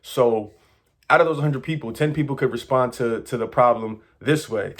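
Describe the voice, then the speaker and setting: A man coaching his viewers in an earnest, repetitive, lecturing monologue. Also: mid-range voice. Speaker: manifestation coach.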